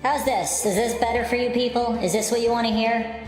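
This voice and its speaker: A streamer talking through a squeaky pitch-raising voice filter, joking casually while starting a game. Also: steady tone, fairly quick, roomy sound, big-room sound, soft background music, rough recording. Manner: joking, self-aware banter.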